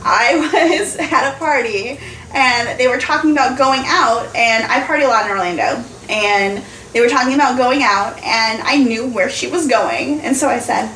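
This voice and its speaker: A woman's voice: a little high, normal speed, fairly bright tone. A woman leading a sales team meeting, chatting casually, laughing and acting out her customers' voices. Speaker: team leader of home party sellers. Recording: far-off echoey room recording with faint noise.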